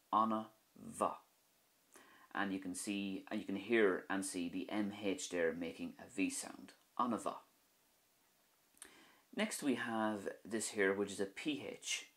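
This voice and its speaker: Young Irish male tutor, very low voice, patient drills of example words. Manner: slow, repeats each example word. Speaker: Irish language teacher. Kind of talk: video pronunciation lesson.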